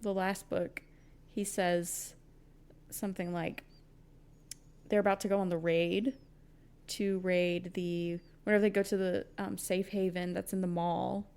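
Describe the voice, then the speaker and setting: A woman's voice: lowish voice, little pitch movement, unhurried, a little mellow, smooth. A young woman co-hosting a podcast, chatting casually about books, gushing and rambling with lots of fillers and laughter. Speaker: podcast co-host. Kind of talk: casual book chat.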